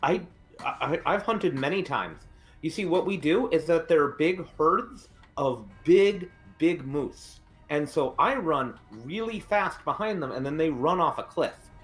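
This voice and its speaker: A man's voice: fairly high pitch, animated, a little slow, faint music behind. A man playing a tabletop game, speaking playfully in character as a simple-minded giant. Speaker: player. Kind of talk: tabletop game role-play.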